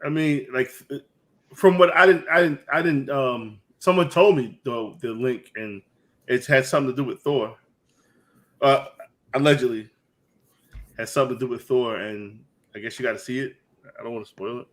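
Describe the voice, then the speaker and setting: A man's voice: mid-range voice, moderate pace, pauses often, a bit bright. A man chatting casually on a stream, hesitant and stumbling over his words. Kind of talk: casual chat.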